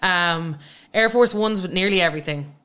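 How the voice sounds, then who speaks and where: A woman's voice: fairly low pitch, normal speed, pushed and bright, a little hiss or hum. A young Irish woman co-hosting a podcast in casual chat, giggly and swearing freely. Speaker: podcast co-host.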